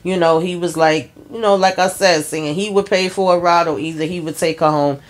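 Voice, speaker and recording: A woman's voice: fairly low pitch, steady tone, a little fast. A woman casually recapping a TV episode scene by scene, in loose, chatty storytelling with wry asides. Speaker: show recap vlogger.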